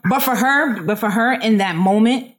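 A woman in a casual podcast chat who speaks in a warm, affirming way. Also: fairly high pitch, moderate pace, a loud crowd. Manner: warmly affirming.

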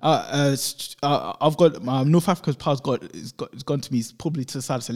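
A man's voice: medium pitch, fairly quick, few pauses. A man from London telling travel stories in a casual chat, acting out the voices of the people he quotes. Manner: animated storyteller who acts out quoted voices.

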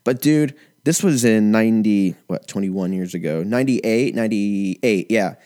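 A man in his twenties talks in a loose, rambling way and swears freely. His voice sits a little low. He keeps up a casual, profane chat. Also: measured pace. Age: 20s. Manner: profane, rambling, animated impressions.

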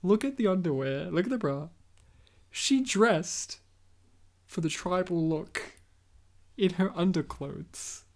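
A woman chatting casually during a movie commentary, animated and rambling, full of fillers and silly impressions. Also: lowish voice, slow pace, pauses often. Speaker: co-host.

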